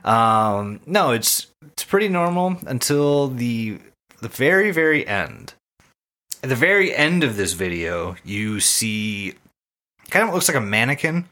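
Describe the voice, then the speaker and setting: A man's voice: medium pitch, very animated, unhurried, bright, forceful tone. A man co-hosting a podcast, describing a video in rambling casual chat. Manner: rambling, hesitant, many fillers. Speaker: podcast co-host.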